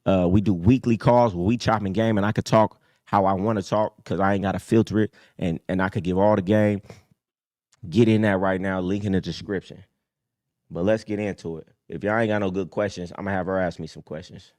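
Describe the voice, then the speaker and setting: A man in his thirties hosts a live call-in show with a low voice and a streetwise, preachy delivery. He drops to quiet mutters, then jumps up high to hammer a point home. The sound is dry and close, with no room around it. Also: fairly even intonation, fairly quick, dry recording. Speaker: host. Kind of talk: casual livestream talk.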